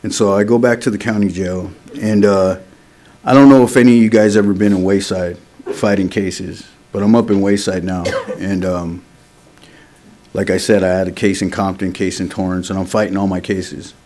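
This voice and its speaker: A man's voice: low voice, fairly even intonation, moderate pace, dark tone. A man speaking at a recovery meeting, telling his own story in a candid, street-casual way. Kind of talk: personal recovery testimony.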